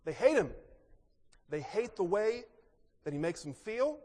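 A pastor preaching a sermon, asking rhetorical questions and moving between emphatic and quiet delivery. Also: male voice, high voice, a little slow. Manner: expressive, rhetorical questions, swings between loud and soft. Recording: long reverb in a large hall.

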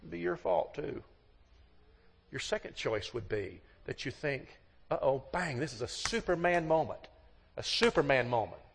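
A man's voice: medium pitch, big pitch swings, normal speed, vocal fry, a bit bright, husky. A man giving a sermon to a congregation, telling folksy stories and acting out the voices of the people in them. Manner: folksy storytelling, acts out quoted voices. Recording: long hall reverb.

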